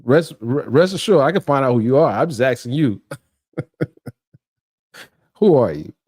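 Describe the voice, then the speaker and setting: Animated, mocking livestream host man. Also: mid-range voice, moderate pace, slightly rough. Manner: animated, mocking, laughs often, repeats himself. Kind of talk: casual livestream rant.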